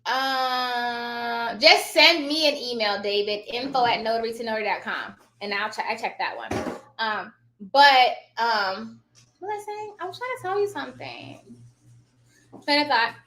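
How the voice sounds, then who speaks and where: A woman with a bright, fairly high voice chats casually on a live stream as a trainer. She rambles, loses her thread and laughs often. Her voice rings in a roomy, echoey office. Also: lively intonation, a little slow, slight background noise. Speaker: online notary trainer and host. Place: home office.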